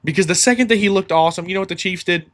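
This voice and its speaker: A man's voice: high voice, racing, fairly bright tone. A man hosting a solo sports podcast, ranting heatedly and swearing freely.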